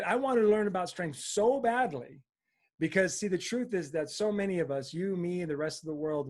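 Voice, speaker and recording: An enthusiastic male coach speaks straight to his viewers, pushing them to grow. His voice sits high for a man, and he keeps tossing in "right?" as he builds up steam. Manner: energetic, fired up, frequent "right?". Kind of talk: motivational talk to camera.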